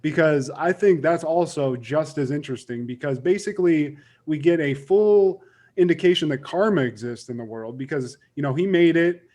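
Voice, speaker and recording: A man's voice: fairly high pitch, moderate pace, a little mellow. A young man co-hosting a podcast, chatting casually and animatedly, swearing and acting out quotes as he tells a story. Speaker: podcast co-host.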